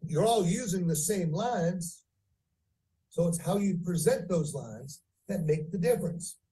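A man teaching phone sales, speaking deliberately and varying pitch and pace for effect. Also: expressive, warm tone, distant mic, poor audio. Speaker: sales trainer. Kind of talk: training lecture.

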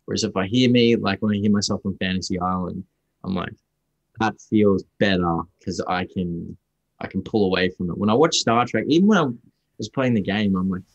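A young Australian man with a fairly low voice tells stories in a loose, rambling way, often restarting his sentences. His voice sounds dull and muffled, as if over a video call, and very dry. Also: brisk, gravelly, no echo. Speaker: actor guest. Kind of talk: casual interview.

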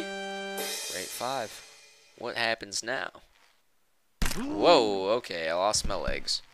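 A man playing a game on camera, goofy and loud, with a bright, tense voice that leaps all over the place. He drags his words out slowly, then bursts into squeals and shouts. A faint hiss sits under the recording. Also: lowish voice, sing-song, faint music behind. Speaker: gaming let's-player. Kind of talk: loud comedic gameplay commentary.

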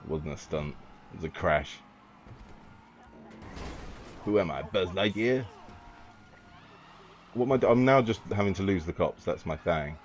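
A man's voice: low voice, animated, unhurried, pauses often. A man giving rambling, joking, profane commentary while playing a driving game. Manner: rambling, joking, swears freely. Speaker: gaming YouTuber. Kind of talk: casual let's-play commentary. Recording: dull lo-fi with faint hiss.

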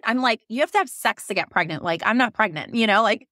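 A woman in her thirties telling a personal story on a podcast, laughing often and acting out quotes in a higher voice. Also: lively intonation, fast, pushed and bright, dry recording, clean studio sound. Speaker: podcast guest. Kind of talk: casual storytelling.

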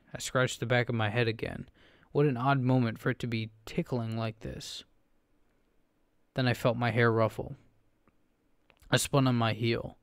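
A man narrating a first-person horror story in a steady, low storytelling delivery. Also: creaky, clean tone, no room sound, clean studio sound.

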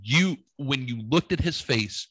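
A young adult man co-hosting a podcast, telling a long story in a rambling, profane way and acting out the dialogue with lively voices. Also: medium pitch, unhurried, dry recording. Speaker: podcast co-host.

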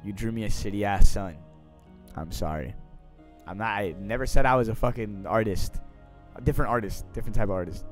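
A young man streaming live, casually answering viewer questions in slangy, profane talk that swings between mumbled asides and loud bursts. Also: fairly low pitch, a little fast, soft background music.

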